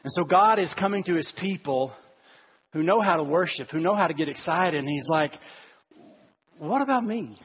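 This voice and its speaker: A middle-aged man gives an animated, storytelling sermon, breaking into excited shouts. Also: a little high, brisk, slightly rough, highs cut off. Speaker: pastor.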